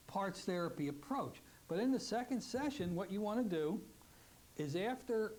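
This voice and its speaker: A man teaching a hypnotherapy technique, giving slow, drawn-out suggestions and acting out the client's replies. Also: high voice, a little mellow, slight background noise. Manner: acts out client and part voices in quick exchanges. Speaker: hypnotherapy instructor. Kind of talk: teaching lecture with demonstrations.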